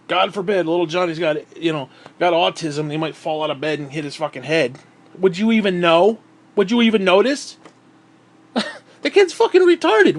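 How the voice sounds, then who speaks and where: Man with a high voice, sarcastic heated vlog rant, swears nonstop. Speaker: vlogger. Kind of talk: profane ranting monologue.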